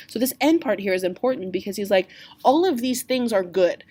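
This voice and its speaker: A woman's voice: mid-range voice, expressive, a little fast, mellow. A woman teacher explaining a play to students in a casual, plain-spoken way, often checking in with "okay?".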